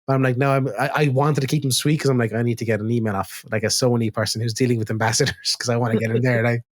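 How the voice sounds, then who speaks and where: A man's voice: medium pitch, fairly even intonation, racing. A young adult Irish man co-hosting a podcast, telling stories in a casual chat, acting out the exchanges he quotes and swearing freely. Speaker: podcast co-host.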